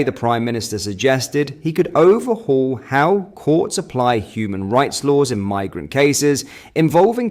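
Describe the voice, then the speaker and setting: A man reading scripted news narration in a brisk, emphatic way. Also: mid-range voice.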